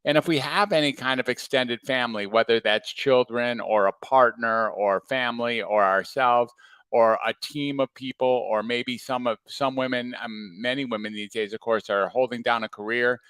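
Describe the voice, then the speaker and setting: Calm male coach, reflective and steady, mid pitch, dry close mic. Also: moderate pace, smooth, no echo. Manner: calm, reflective, asks many rhetorical questions. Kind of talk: motivational talk to viewers. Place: home or office, livestream.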